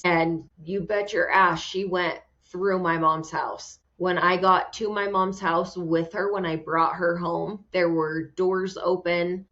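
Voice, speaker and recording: A woman's voice: fairly low pitch, a bit bright. A woman host giving casual commentary in a blunt, profane, heated way. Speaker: podcast host. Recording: dull lo-fi sound.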